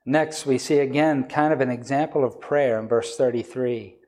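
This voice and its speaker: A man's voice: mid-range voice, normal speed, a little mellow. A man preaching a sermon in a church hall, reading scripture aloud and explaining it earnestly, rising to emphatic peaks on key words.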